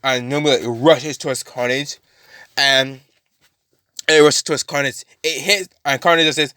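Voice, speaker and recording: A man's voice: mid-range voice, steady tone, normal speed, bright, forceful tone, smooth, no echo, clean studio sound. A man casually retelling a fan-made story, rambling with many fillers and restarts.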